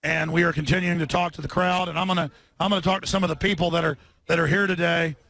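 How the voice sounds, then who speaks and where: A man hosting a live broadcast from a street protest, talking in a rapid, combative rant and leading chants through a bullhorn. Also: fairly high pitch, steady tone, gravelly. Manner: shouts slogans through a bullhorn. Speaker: talk show host.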